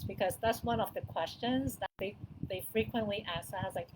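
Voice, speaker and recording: A middle-aged woman giving parents casual, chatty advice to camera, with small grammar slips, repeats and soft laughs. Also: medium pitch, a little fast, a little hiss or hum, low-quality recording. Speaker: wellness coach talking to parents.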